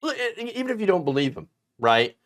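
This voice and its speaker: A man's voice: high voice, big pitch swings, fast talker, fairly bright tone. A man hosting an online political commentary show, talking in an indignant, emphatic way with frequent fillers and restarts.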